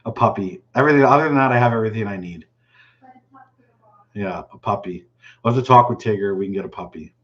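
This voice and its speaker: A relaxed man with a lowish voice hosts a casual live stream, reading out viewer questions and answering them offhand. The sound is a little dull and lo-fi. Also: fast, pauses often. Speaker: fishing channel host answering live chat.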